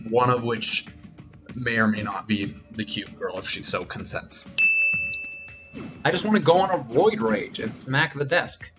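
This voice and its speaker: Game streamer, man, crude jokey riffs, very animated pitch, over game music. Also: unhurried. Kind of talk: live gameplay commentary.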